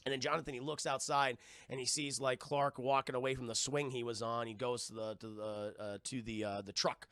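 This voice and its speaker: A man reviewing a film on a live stream to his chat, animated and profane, acting out scenes as he retells them. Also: mid-range voice, a little fast, few pauses, no room sound.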